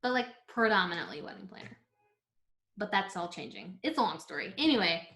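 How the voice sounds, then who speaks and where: A woman's voice: medium pitch, expressive, a little fast, fairly bright tone. A woman in her thirties chatting casually about herself on a vlog. She is giggly and trails off with lots of filler words. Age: 30s. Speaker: vlog host being interviewed. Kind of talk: casual chat. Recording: roomy echo.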